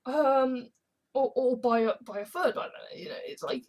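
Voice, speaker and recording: A woman's voice: fairly high pitch, normal speed, low-quality recording. A woman talking straight to camera in a sweary, digressive, sarcastic vlog rant. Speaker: YouTube creator. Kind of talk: ranting vlog monologue.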